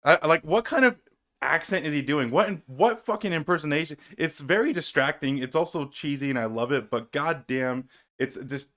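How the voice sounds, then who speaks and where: A man's voice: on the high side, animated, moderate pace, a bit bright. A man hosting a casual movie discussion, talking loosely with frequent swearing and laughs. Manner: loose, profane, laughs easily. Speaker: host.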